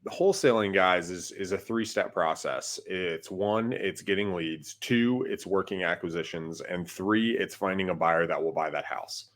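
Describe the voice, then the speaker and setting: A man's voice: sits low, normal speed, few pauses, fairly bright tone. A man co-hosting a podcast, talking casually and coaching listeners, often tagging his points with "right?" and "like". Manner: conversational, peppers talk with "right?" and "like". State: has the hiccups. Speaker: podcast co-host, wholesaling investor.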